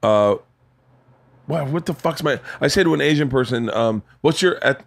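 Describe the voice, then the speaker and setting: Gravelly man hosting a podcast. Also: medium pitch, moderate pace, no echo. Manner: rambling, excitable. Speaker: podcast host. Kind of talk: casual podcast chat.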